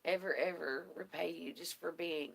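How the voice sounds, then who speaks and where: A woman's voice: lowish voice, steady tone, moderate pace, gravelly, breathy edge. A woman speaking in a tearful, heartfelt video message, rambling with many fillers and close to crying. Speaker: vlogger. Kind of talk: emotional casual video message.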